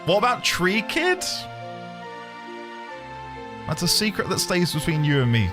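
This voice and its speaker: A man's voice: sits high, wildly swooping pitch, a little slow, music in the background. A man streaming a video game, chatting casually and joking as he plays. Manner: playful, joking, bursts of laughter. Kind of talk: casual let's-play commentary.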